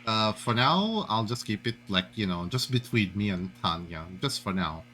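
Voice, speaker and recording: Low-voiced man casually playing a tabletop game. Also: sing-song, moderate pace, pushed and bright, a little hiss or hum, poor audio. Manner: casual, hesitant, with many fillers. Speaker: player.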